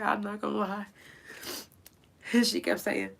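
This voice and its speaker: A woman hosting a solo podcast, speaking in a halting, tearful way and pausing often to collect herself, with speech. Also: mid-range voice, steady tone, gravelly, a bit bright. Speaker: podcast host. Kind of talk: emotional solo podcast remembrance.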